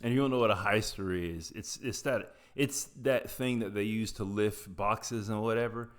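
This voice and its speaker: A man's voice: on the low side, normal speed. A young adult man from Appalachia telling a personal story in a casual, rambling, profane way, with frequent tangents.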